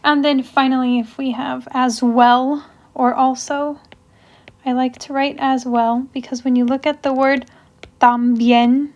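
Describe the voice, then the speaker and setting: In a relaxed grammar lecture, a young woman who teaches languages explains each step with example sentences, saying "um" often. She speaks high and level at a measured pace, her tone a little mellow, and the audio is lo-fi.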